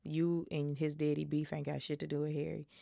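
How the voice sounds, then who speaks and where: A woman's voice: low voice, flat delivery, a little fast, vocal fry, dark tone, no echo, clean studio sound. A young woman from Chicago reading a novel aloud and chatting bluntly, with swearing, as a podcast host. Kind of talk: casual book-club reading and chat. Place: home, seated in a squeaky chair. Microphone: studio microphone.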